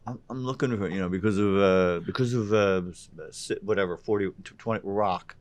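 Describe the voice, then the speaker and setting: Animated man telling a comedy story. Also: fairly low pitch, brisk. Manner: animated, trips over his words. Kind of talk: casual podcast storytelling.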